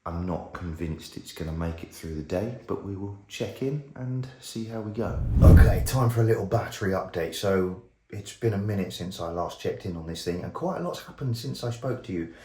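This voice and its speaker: A man with a slightly low voice, talking casually to an action camera as he runs outdoors. He is a little out of breath at times, and clear outdoor noise and wind sit behind him. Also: expressive, normal speed, few pauses, mellow. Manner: chatty, talks straight to camera. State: out of breath while running. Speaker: tech reviewer. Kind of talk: casual vlog chat. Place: outdoors on a run.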